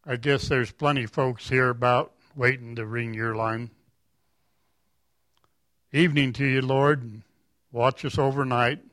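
A man's voice: medium pitch, fairly even intonation, measured pace, pauses often, a bit bright, no room sound, close to an everyday voice. A man reading aloud the words of a humble old farmer talking to God like a friend, in a folksy, plain-spoken way. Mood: earnest.

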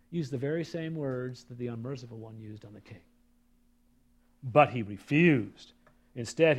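A man preaching a sermon, reading scripture aloud and breaking off for asides to the congregation, swinging from loud, emphatic reading to low, quiet remarks. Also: breathy edge. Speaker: pastor.

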